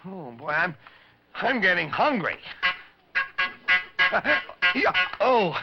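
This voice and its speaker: A man's voice: sits high, sing-song, drawn-out words, over loud music, exaggerated voice. A man voicing a forlorn puppet boy turned into a donkey, stammering and grunting on a 1950s children's TV show. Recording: dull old TV recording.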